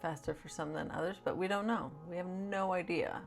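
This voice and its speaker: A woman's voice: lowish voice, fairly even intonation, a little fast, vocal fry, soft background music. A woman vlogger chatting casually to camera in a rambling way, with lots of "like" fillers.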